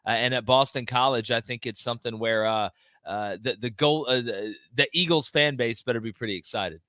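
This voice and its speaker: A man's voice: medium pitch, fairly quick, sharp tone, no room sound, studio quality. A man, a guest on a college football talk show, giving strong opinions in casual chat and mocking other views in exaggerated voices. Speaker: guest commentator.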